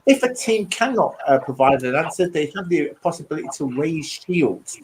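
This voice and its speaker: A man with a slightly higher voice hosts a relaxed online quiz. He explains the rules and reads each question aloud, throwing in light jokes between them. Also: moderate pace, slight background noise, rough recording. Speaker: quiz host. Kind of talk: hosting a casual online quiz.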